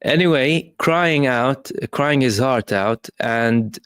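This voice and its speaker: A man hosting live news commentary, pausing on many fillers and asking emphatic rhetorical questions. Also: mid-range voice, fairly bright tone, clean tone, dry recording, clean studio sound. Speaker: host.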